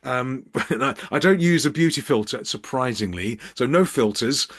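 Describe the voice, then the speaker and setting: A man's voice: medium pitch, expressive, moderate pace, fairly bright tone, husky. Dry-humored middle-aged man vlogging from his office. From Birmingham, England. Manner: dry, joking, self-mocking. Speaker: business coach. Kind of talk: casual talking-to-camera tips vlog. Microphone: camera at eye level with ring light.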